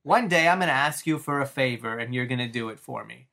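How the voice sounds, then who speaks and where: A man's voice: medium pitch, fast talker, gravelly, sharp tone. A man voicing a creepy cartoon clown villain who taunts in a sly, theatrical way. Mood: sly menace.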